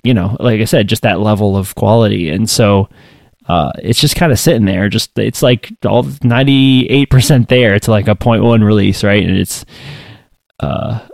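Gravelly guy chatting on a podcast, mid pitch, easygoing and jokey, dry sound. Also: moderate pace, no echo. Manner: relaxed, joking, loose with fillers. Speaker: podcast co-host. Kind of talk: casual podcast chat.

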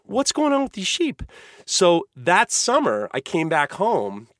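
A lively podcast co-host whose voice leaps up and down as he acts out the people in his story. His voice sits a touch higher than most men's. The sound is dry and close, with no room in it. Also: a little slow, no echo. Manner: animated storyteller, acts out voices with big pitch swings. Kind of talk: casual podcast chat.

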